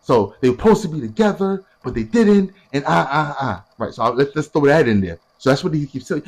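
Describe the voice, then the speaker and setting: A young man telling a story casually, animated and profane, acting out what other people said. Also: a little high, fast, few pauses.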